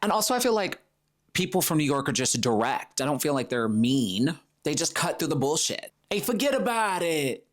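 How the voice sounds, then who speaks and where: A man's voice: mid-range voice, animated, moderate pace. A man talking alone on his podcast, loose and chatty. He keeps it playful and often slips into silly put-on voices to act out other people. The tone stays casual and conversational throughout. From Florida. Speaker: podcast host. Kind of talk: solo podcast monologue.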